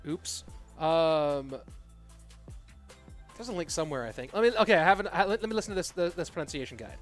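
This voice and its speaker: A man casting an esports tournament on a live stream, rambling casually while reading chat and breaking into excited play-by-play. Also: a little high, a little fast, faint music behind. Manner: rambling, self-deprecating, reads chat aloud; bursts into loud excited play-by-play. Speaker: esports caster.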